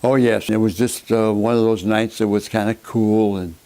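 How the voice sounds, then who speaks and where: An older man, a former catcher, recalling his playing days in an unhurried storytelling way with plenty of fillers. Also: on the low side, fairly even intonation, dark tone. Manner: gravelly, unhurried, with many uh fillers. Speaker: former baseball catcher interviewee. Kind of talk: storytelling reminiscence.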